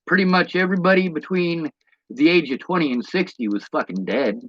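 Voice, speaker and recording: A man's voice: fairly high pitch, fairly quick, fairly bright tone, no echo. Profane ranting man, dull lo-fi sound. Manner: blunt, profane, rhetorical questions. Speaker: vlogger. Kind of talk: ranting monologue to camera.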